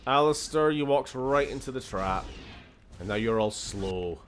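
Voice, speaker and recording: A man's voice: mid-range voice, lively intonation, unhurried, fairly bright tone, a little hiss or hum. A man with a Scottish accent chatting casually and swearing while streaming a game. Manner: chatty, swears, laughs often, shifts tone a lot. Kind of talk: casual gameplay commentary.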